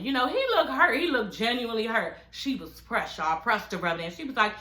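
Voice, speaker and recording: A woman's voice: on the high side, expressive, fairly quick, few pauses, sharp tone, reverberant, slight background noise. A woman hosting a casual vlog from her living room. She talks bluntly and profanely straight to her viewers, and acts out other people's lines as she retells them. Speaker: vlog host recapping a reality show. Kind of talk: casual chat.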